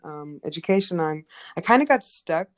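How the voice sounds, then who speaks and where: A young woman of Kurdish background chats about her life in a fairly low voice. She talks in an animated, expressive way, full of fillers and restarts. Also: normal speed. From Kurdish family background. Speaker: art teacher and painter. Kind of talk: casual conversation.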